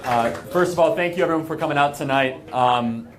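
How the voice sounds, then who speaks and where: A man's voice: fairly high pitch, fairly quick, background noise. An American man giving an earnest, emphatic speech to a live audience, conversational and full of asides. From United States. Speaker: guest speaker. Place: event hall with an audience.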